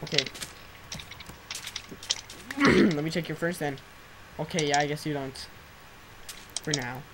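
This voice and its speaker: A teenage boy chatting casually while gaming with a friend, excitable and quick to shout, his throat sore from screaming. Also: a little high, very noisy. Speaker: gameplay commentator. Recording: loud keyboard typing and clicks.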